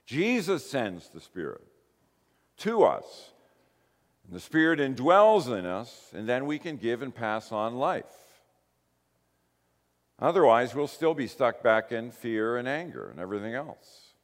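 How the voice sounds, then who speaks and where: A man preaching a sermon, telling the story in a lively way and acting out the quoted lines. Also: mid-range voice, measured pace. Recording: long hall reverb.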